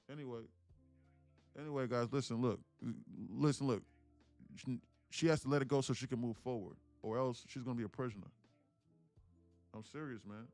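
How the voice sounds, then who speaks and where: A man around thirty talks straight to his stream viewers in an emphatic, repetitive way, swearing casually and circling back with "listen, look." His voice sits in an ordinary middle pitch and is recorded close and dry, with faint music under it. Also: fairly quick, long pauses, darkish tone, no room sound. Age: about 30. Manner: swears casually, heartfelt storytelling. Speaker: day trading streamer. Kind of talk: live stream talk to viewers.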